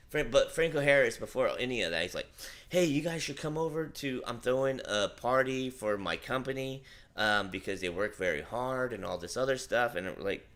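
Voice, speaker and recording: On a livestream, a man with a bright, forward, mid-range voice tells a rambling personal story. He's casual and animated, swearing as he goes.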